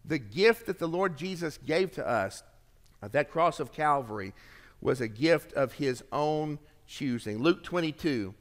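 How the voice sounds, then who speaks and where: A man preaching a sermon as pastor, swinging from emphatic lines to hushed, low endings. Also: lively intonation, a little slow. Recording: long reverb of a large hall.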